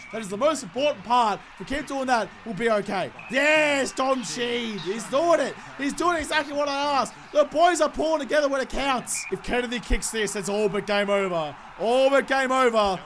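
A young man giving excited, sweary gameplay commentary, swinging between shouts and mutters. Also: very high voice. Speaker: gaming YouTuber.

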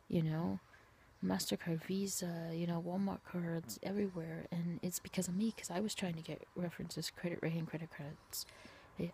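A woman vlogging to her camera in a weary, complaining way, often sinking into a breathy whisper. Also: on the low side, mellow, slight background noise. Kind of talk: casual talk to camera.

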